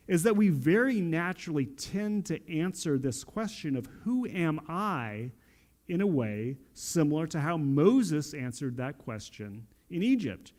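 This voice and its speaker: A man preaching a sermon in a church, talking with lively emphasis and often restarting his phrases. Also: a little high. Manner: animated preaching with frequent restarts. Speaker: pastor. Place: church sanctuary.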